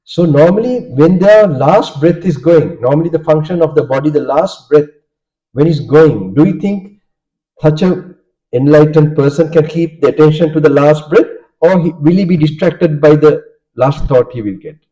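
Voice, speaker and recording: A man's voice: a little high, moderate pace, dark tone. A Sri Lankan man, a native Sinhala speaker and Buddhist monk, giving a Dharma talk and often checking in with listeners by asking "okay?". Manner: asks the audience questions, checks in with "okay?". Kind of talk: Dharma talk with audience questions. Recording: dull lo-fi sound.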